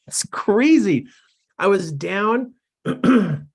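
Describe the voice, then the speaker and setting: A middle-aged man, a personal development coach, telling stories and giving a motivational talk in an excitable, animated way. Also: a little high, a little slow, husky. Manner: animated and excitable, laughs at his own stories. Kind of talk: storytelling to camera, motivational talk.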